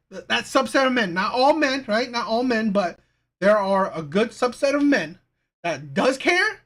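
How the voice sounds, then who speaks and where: An emphatic reaction host rants in commentary over a video clip. The pitch swings widely, and nearly every point ends with a pushy "right?" The delivery is blunt, with plenty of swearing. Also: a bit bright.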